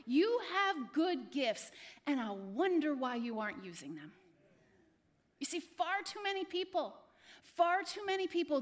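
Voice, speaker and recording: A woman pastor preaching a sermon to a live congregation in a church, repeating phrases and speaking to people by name. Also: extremely high pitch. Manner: repetitive, exhorting, addresses congregation by name.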